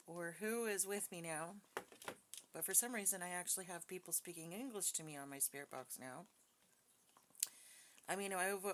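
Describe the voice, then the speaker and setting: A woman's voice: lowish voice, fairly bright tone, a little hiss or hum. Chatty, hesitant woman doing a psychic reading. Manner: chatty and hesitant, with many fillers and frequent laughs. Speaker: psychic reader. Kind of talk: casual spoken reading with a recited prayer. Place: home with dogs nearby.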